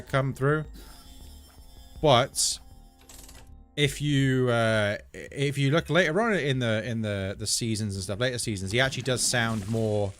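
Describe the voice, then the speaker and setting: A man's voice: medium pitch, fairly bright tone. An English man chatting casually and digressively to viewers while streaming a video game. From England. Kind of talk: casual live-stream chat while gaming.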